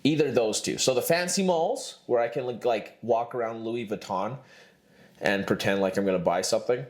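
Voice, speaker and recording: A man's voice: medium pitch, normal speed. A man hosting a podcast in a rambling comedic monologue, joking and laughing at himself. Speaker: podcast host.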